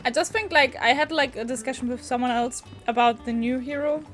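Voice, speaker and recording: A woman's voice: sits high, fairly quick, a bit bright, faint music behind. A woman streaming a game who chats and rambles to her viewers while fighting a cold. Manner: chatty and rambling, talks to chat. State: sniffly, getting a cold. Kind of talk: casual livestream commentary.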